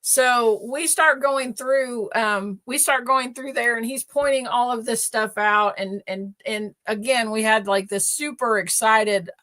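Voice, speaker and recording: A woman hosting a casual chat and spinning a story with lots of fillers. Her voice is bright and sits a little high. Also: unhurried, hardly any pauses. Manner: chatty, animated storyteller, many fillers. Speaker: host.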